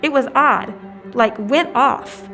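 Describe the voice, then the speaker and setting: A woman telling her own story in an interview, expressive, quoting others with wry asides. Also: sits high, slow pace, faint music behind. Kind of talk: casual storytelling.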